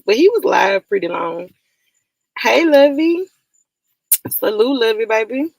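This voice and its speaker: A woman's voice: mid-range voice, creaky, dry recording, poor audio. A woman hosting a casual livestream, greeting viewers by name, laughing often and swearing freely. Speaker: livestream host.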